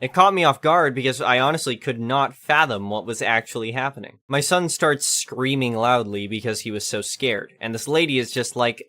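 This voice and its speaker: A man's voice: medium pitch, normal speed, hardly any pauses, pushed and bright. A man narrating an online storytime post in a plain read-aloud delivery.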